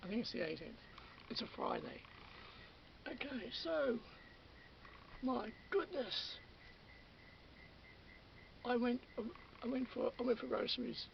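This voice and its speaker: A man's voice: very high-pitched, expressive, takes it slowly, vocal fry, long pauses, dull audio, slight background noise. A man with an Australian accent rambling through an everyday story in a casual monologue, repeating and restarting, getting indignant. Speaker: channel host.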